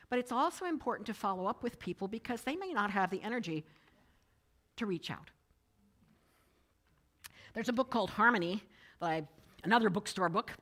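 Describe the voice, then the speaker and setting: A woman speaks to a church gathering in a relaxed, conversational way, weaving personal stories into her message. Her bright voice rises and falls with lively swings in pitch as she tells her stories. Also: brisk, long pauses. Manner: storytelling, animated, quoting others in changed voices. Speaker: speaker giving a Sunday message. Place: church sanctuary.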